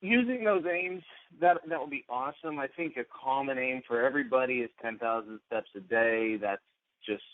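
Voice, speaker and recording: A man's voice: medium pitch, moderate pace, dry recording. A man co-hosting a podcast, chatting casually and often breaking off mid-sentence. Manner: rambling, self-interrupting. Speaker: podcast co-host. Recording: tinny phone-like sound.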